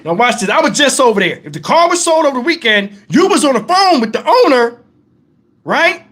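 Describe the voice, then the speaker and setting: Vlogger, man, middle-aged, higher-pitched, heated profane storytime rant. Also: very animated, fairly quick, fairly bright tone. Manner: heated, profane, emphatic retelling.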